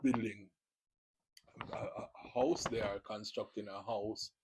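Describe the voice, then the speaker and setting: A man's voice: lowish voice, level tone, slow, a little mellow, slight background noise, low-quality recording. A man with a Jamaican accent hosting his own video channel, giving a casual, rambling spoken testimony full of "you know" fillers.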